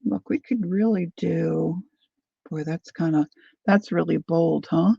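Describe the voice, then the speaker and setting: Gravelly-voiced woman chatting through a craft session. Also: lowish voice, slow, dark tone, no room sound, muffled recording. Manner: chatty, thinks aloud while working, answers viewers. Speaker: craft channel host. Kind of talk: casual crafting livestream chat.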